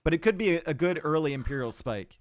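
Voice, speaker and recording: A man's voice: on the high side, lively intonation, fast talker, no room sound. A man with a Canadian accent giving upbeat, chatty live commentary on a strategy game match and answering his chat. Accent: Canadian English. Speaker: game caster.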